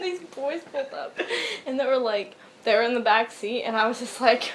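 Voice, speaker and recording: A young woman chatting casually, telling animated childhood stories with lots of laughing and some swearing. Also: on the high side, normal speed, a little hiss or hum. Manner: animated storytelling, laughing, acts out childhood quotes. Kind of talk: casual chat.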